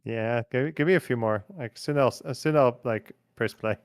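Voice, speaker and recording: A man's voice: medium pitch, normal speed, clean tone, dry recording, studio quality. A man hosting a livestream in a casual, hesitant way with frequent fillers. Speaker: host.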